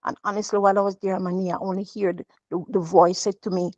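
A woman's voice: mid-range voice, little pitch movement, fast talker, hardly any pauses, a little mellow, no room sound. A woman giving an emotional devotional testimony as a mother, earnest and repetitive, often restarting her sentences. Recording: dull, dry lo-fi sound.

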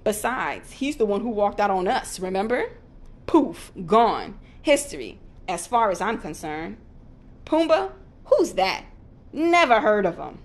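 A woman voicing a bossy, boastful male meerkat in a storybook read-aloud, talking loud and snappy. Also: mid-range voice, lively intonation, measured pace. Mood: dismissive.

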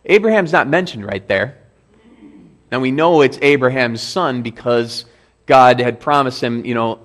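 A man's voice: medium pitch, a little slow, a bit bright. A male pastor giving a sermon in a church, explaining scripture in a conversational way and reading verses aloud with emphasis.

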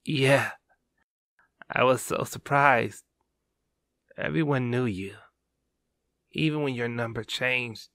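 Man as young guy fighting back tears, whispery, gravelly. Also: mid-range voice, a bit bright, no echo, clean studio sound. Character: young male teammate holding back tears.

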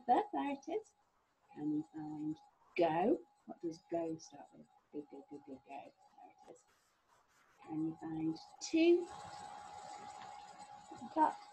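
A middle-aged woman teaching a phonics lesson to young children, sounding out letters slowly with a sing-song, encouraging manner. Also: medium pitch, gravelly, warm tone, a little hiss or hum, poor audio. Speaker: primary school teacher.

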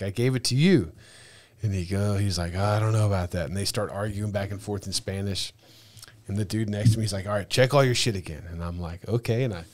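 A man telling a travel story on a podcast in casual chat, swearing often and acting out the people he met. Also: fairly low pitch. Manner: animated, profane, acts out dialogue. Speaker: podcast guest.

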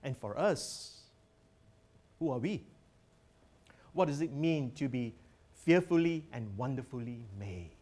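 A man's voice: medium pitch, expressive, slow pace, long pauses, darkish tone. A man presenting a teaching workshop as a professor, earnest and emphatic as he guides listeners through slides.

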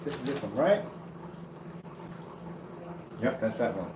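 A man's voice: medium pitch, very animated, slow, background noise. A man hosting a casual livestream, brash and teasing, trash-talking his viewers and mock soothing them. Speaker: DIY projector screen paint video host. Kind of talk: casual livestream chat replying to viewer comments.

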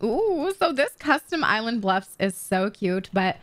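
A young woman narrating a life-sim let's play in casual, chatty commentary, swearing often and gasping loudly. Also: fairly high pitch, big pitch swings, unhurried.

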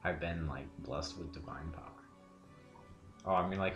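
Low-voiced young man, gaming commentary. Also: moderate pace, vocal fry, fairly bright tone. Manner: joking, laughs often. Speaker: let's play commentator. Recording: roomy echo with game music.

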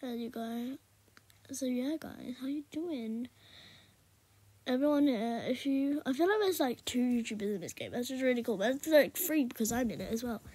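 A British woman chatting to viewers over her gameplay, often in a hushed half-whisper. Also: fairly high pitch, lively intonation, moderate pace, slightly rough. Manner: rambling and chatty, talking to viewers. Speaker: gaming YouTuber. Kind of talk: casual gameplay commentary.

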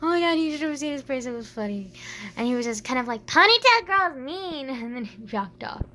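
A woman's voice: a little high, quick pace. A young woman chatting casually to camera in a rambling, giggly way, with lots of fillers. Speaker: vlogger.

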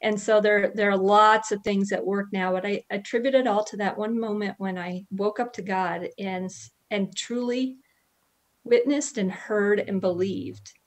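A woman guest speaking earnestly and heartfelt about her faith, with soft laughs between thoughts, over a video call. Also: mid-range voice, steady tone, a little slow. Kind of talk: personal faith testimony.

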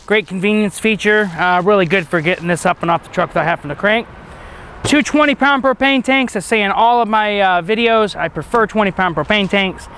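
A bright, high-pitched man walks around a camper trailer on a dealership lot, chatting upbeat through its features. His voice is picked up outdoors with faint noise behind him. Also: fairly quick. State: has the hiccups. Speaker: RV dealership salesman. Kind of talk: walkaround product tour.

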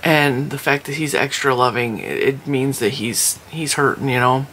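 A woman in her forties talks casually to the camera, telling a family story and laughing often. She sounds tired and keeps yawning, and her voice is bright and forward. A faint hum of background noise sits under the recording made at home. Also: extremely low pitch, moderate pace. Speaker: crochet vlogger.

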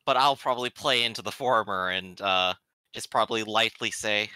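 A man's voice: fairly low pitch, normal speed, pushed and bright, clean tone, dry recording. A man playing a tabletop game, hesitantly describing his character's actions. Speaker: player. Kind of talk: casual tabletop play.

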